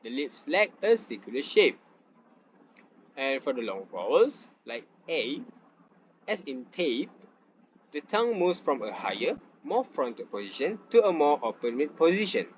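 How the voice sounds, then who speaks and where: A man's voice: a little high, big pitch swings, unhurried, dull audio, a little hiss or hum. Young man presenting slides. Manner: reads from slides with frequent fillers and restarts. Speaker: student presenter. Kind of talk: class presentation over slides.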